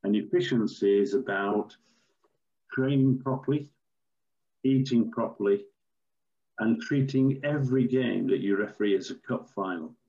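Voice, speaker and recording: Older man, low voice, measured storytelling, dull lo-fi audio. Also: dark tone. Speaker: former football referee, podcast guest. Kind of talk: anecdotal interview answers.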